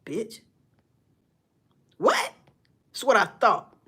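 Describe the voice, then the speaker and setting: A woman in her forties talks in a casual rant, her strong and her voice sitting a little high. Her pitch swings widely as she swears and tells stories between laughs. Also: extremely slow, vocal fry, husky. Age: 40s. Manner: loud, swearing, animated storytelling with laughs.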